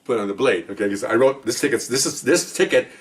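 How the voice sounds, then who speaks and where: A man's voice: mid-range voice, lively intonation, quick pace. A man, a police officer, telling stories from his job in a rambling, conversational way, acting out what people said. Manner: rambling, conversational, acts out quoted dialogue. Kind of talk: casual spoken storytelling. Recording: voice distant from the mic.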